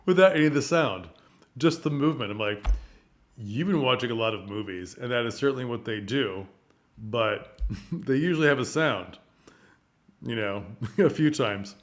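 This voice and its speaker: A man's voice: medium pitch, normal speed, long pauses. A man coaching actors in a casual talk to camera, chatty, with frequent laughs and fillers. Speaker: theatre coach.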